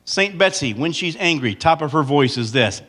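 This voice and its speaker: Animated high-voiced man in his fifties. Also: normal speed. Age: 50s. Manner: animated, swings into loud high impressions of his wife and himself. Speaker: comedian speaking at church. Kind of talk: comedic storytelling to a congregation. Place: church sanctuary.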